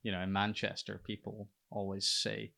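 A Scottish man in his twenties, a podcast guest in casual chat, talking in a dry, halting, self-mocking way. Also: fairly low pitch, monotone, vocal fry, sharp tone. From Scotland. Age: 20s.

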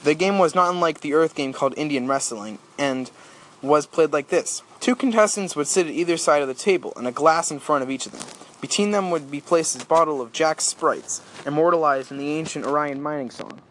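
A man reading a novel aloud in a steady storytelling manner. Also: a little high, fairly quick, a little hiss or hum. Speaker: audiobook reader. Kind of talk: audiobook narration.

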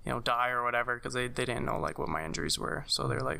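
A young man telling a personal story in casual conversation, halting, with many fillers and restarts. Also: mid-range voice, little pitch movement, gravelly, bright, forceful tone, clean tone. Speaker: guest sharing a personal story.

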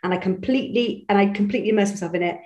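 A woman's voice: medium pitch, racing, a little mellow, highs cut off. A woman from Bristol, a voice actress chatting in an interview with many restarts and self-deprecating asides. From Bristol, England. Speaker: voice actress guest. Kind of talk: casual interview chat. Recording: echoey room.

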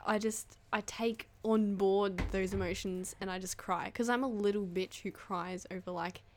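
A woman's voice: mid-range voice, steady tone, moderate pace, slight background noise. A woman co-hosting a podcast in casual chat, blunt and swearing a lot. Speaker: podcast co-host.

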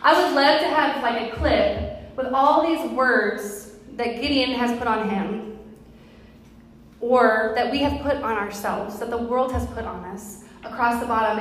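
A woman in her thirties preaches to her church in an earnest, conversational way, her voice sitting a little high. Her words ring out through a very reverberant hall, with a faint hiss of background noise underneath. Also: unhurried. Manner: earnest, conversational, with personal storytelling. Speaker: pastor. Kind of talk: sermon. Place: church sanctuary.

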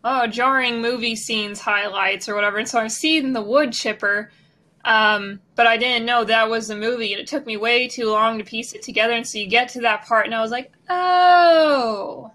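A woman's voice: fairly high pitch, fairly even intonation, brisk, sharp tone. A woman co-hosting a podcast in a casual, joking, rambling chat. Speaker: podcast co-host.

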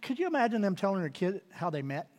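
A man preaching a sermon as pastor, building to loud emphatic peaks and dropping to quiet asides. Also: sits high, big pitch swings, fast talker. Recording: reverberant hall.

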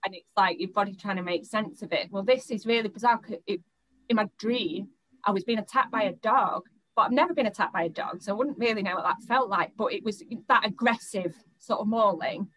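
A young woman tells her own story to an interviewer in a mid-pitched voice. She talks in halting bursts, restarting sentences and repeating words as she gathers her thoughts. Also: fairly bright tone, poor audio. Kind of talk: personal account in an interview.

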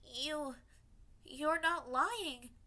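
A woman voicing a blunt, cocky young girl earthbender, speaking slowly and deliberately. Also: mid-range voice, sharp tone. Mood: tearful.

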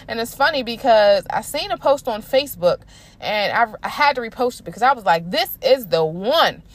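A young woman tells a personal story on her solo podcast. She talks in a loose, chatty, animated way, full of slang and asides, and her voice sits a little on the high side. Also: fairly quick. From Maryland, USA. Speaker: podcast host. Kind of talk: casual solo podcast talk.

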